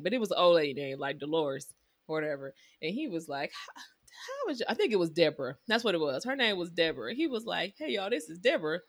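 Animated woman telling funny stories. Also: fairly low pitch. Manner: animated storytelling with playful impressions and laughter. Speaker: podcast co-host. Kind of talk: casual chat.

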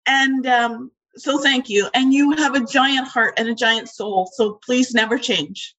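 A woman from the audience giving a heartfelt, halting testimony over a video call, emotional and close to tears. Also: a little high, steady tone, a bit bright, poor audio. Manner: heartfelt, halting, many fillers.

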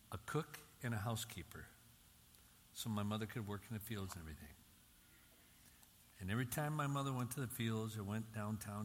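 A man's voice: fairly low pitch, a little hiss or hum. An older man from Michigan giving an emphatic sermon-style talk, repeating key phrases with rising intensity. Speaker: Christian speaker. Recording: reverberant hall, faint ambience.

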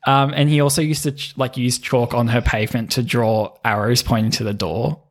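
Another giggly podcast co-host, this man tells stories in easygoing talk full of laughter and frequent swearing. His voice is mid-range with fairly even intonation and a slightly fast pace.

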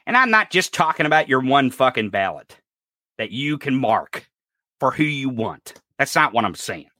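A man's voice: mid-range voice, very animated, moderate pace, bright, forceful tone, no room sound, clean studio sound. Angry, profane man ranting as a podcast host. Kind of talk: political rant.

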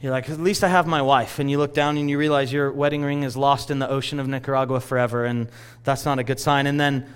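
A middle-aged man preaching a sermon, telling a story in a lively, self-mocking way. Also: mid-range voice, fast talker, smooth. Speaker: pastor.

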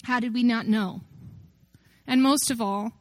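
A woman's voice: a little high, steady tone, a little slow, dry recording. A woman giving a personal testimony talk about faith, earnest and reflective, with rhetorical questions that build up.

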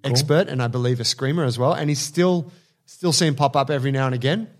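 A man co-hosting a podcast, telling relaxed anecdotes and swearing freely in casual chat. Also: medium pitch, fast. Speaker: podcast co-host.

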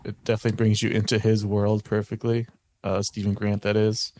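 Low, flat-voiced young co-host. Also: male voice, a little fast. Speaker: podcast co-host. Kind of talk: casual review chat.

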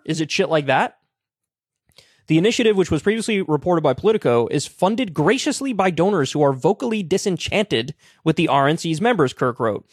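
A man with a somewhat high voice hosts a talk show, reading articles aloud and breaking off to mock them with blunt, profane sarcasm. The sound is dry and close, with no room around it. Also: expressive, a little fast, no room sound. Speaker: political commentary show host.

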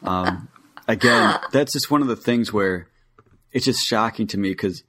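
A man's voice: on the low side, unhurried, music in the background. A young adult man co-hosting a podcast, chatting with opinionated, eager enthusiasm. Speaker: podcast co-host. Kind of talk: casual podcast chat.

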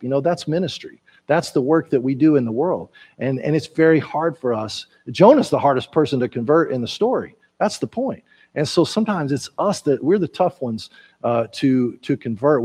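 A man's voice: fairly high pitch, a little mellow, breathy edge. A man preaching a conversational sermon in a folksy way, repeating words and using lots of fillers. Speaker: pastor. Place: church sanctuary.

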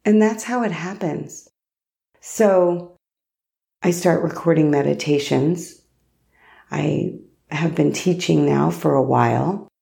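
A woman hosting a solo podcast, telling a personal story in an unhurried, reflective way. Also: deep voice, vocal fry, dark tone. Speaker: podcast host.

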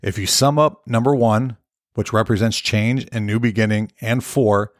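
A man's voice: fairly low pitch, steady tone, moderate pace, no echo, studio quality. A man hosting his own podcast, rambling casually and cursing, often repeating himself as he goes. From United States. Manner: rambling, profane, repeats words. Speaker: podcast host.

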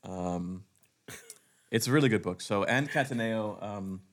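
A man's voice: fairly low pitch, unhurried. A man hosting a theater podcast, moving from a scripted intro to rambling casual chat with many restarts, sounding stuffy. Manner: rambling, hesitant, full of restarts. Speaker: podcast host, theater co-artistic director.

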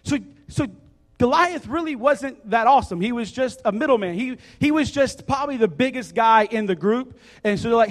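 A man preaching a sermon, joking and acting out a story in a casual, animated way. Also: very high-pitched, normal speed. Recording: reverberant hall.

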